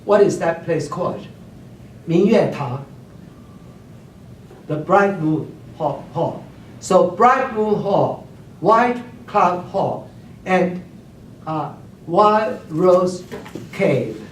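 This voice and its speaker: A man's voice: high-pitched, expressive, drawn-out words, long pauses, recorded from a distance, slight background noise. A man teaching classical Chinese poetry to a class, keeps checking that the students follow, and hums examples. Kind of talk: classroom lecture. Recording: roomy classroom recorded from afar.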